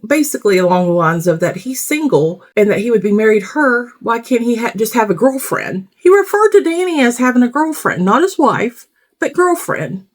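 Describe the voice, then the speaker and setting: A woman's voice: on the high side, very animated, moderate pace. A woman giving casual reaction commentary on a reality show, blunt and rambling, swearing freely.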